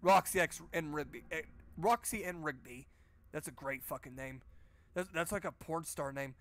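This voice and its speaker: A man's voice: on the high side, normal speed, a bit bright. A man giving sarcastic, profane let's play commentary while playing a horror game. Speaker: game streamer.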